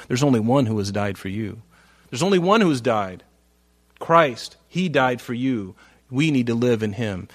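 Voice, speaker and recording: A man preaching a sermon, reading scripture aloud and explaining it. His delivery swings from quiet asides to loud, stressed phrases. The sound is dry and close, with no room echo. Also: medium pitch, expressive, normal speed. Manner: reads scripture aloud and comments on it. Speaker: pastor.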